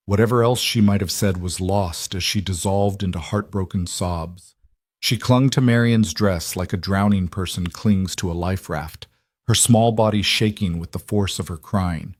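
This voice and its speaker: A man reading a romance story aloud as scripted narration, steady and even. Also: fairly low pitch, normal speed, dry recording, studio quality. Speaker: audiobook narrator.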